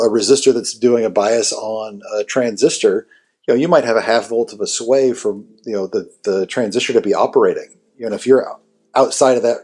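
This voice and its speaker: Male podcast guest, amp builder, talks loosely, filler-heavy, mid-pitched voice. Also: dark tone, slightly rough. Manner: rambling, many fillers like "you know". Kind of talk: casual technical podcast chat.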